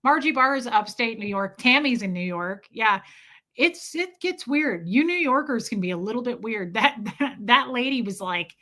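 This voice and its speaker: Bright, forceful woman streamer chatting. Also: a little high, animated, normal speed. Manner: chatty, laughs often, greets viewers by name. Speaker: live streamer chatting with viewers. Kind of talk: casual live-stream chat.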